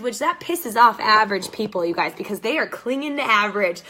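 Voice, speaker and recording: A woman's voice: mid-range voice, animated, a little fast, few pauses, pushed and bright. A young woman coaching direct sellers in a fired-up, blunt and sarcastic motivational talk.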